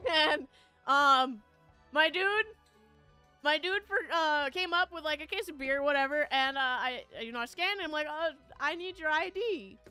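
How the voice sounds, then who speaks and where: A woman's voice: sits high, measured pace, bright, forceful tone, dry recording, faint music behind. A woman streamer chatting casually with her viewers, telling a rambling story full of fillers and frequent laughter. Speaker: VTuber streamer.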